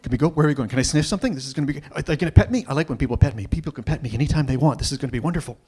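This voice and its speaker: A man voicing an eager, sweet-tempered female bulldog who chatters in quick excited questions. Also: a little high, slightly rough. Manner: rapid, excited, question after question.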